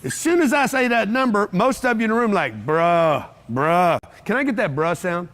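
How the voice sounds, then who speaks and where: A man with a high-pitched voice speaks to a live audience in an event room. He is brash and punchy, hammering on repeated phrases like a motivational seminar speaker. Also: expressive, fast talker, a bit bright.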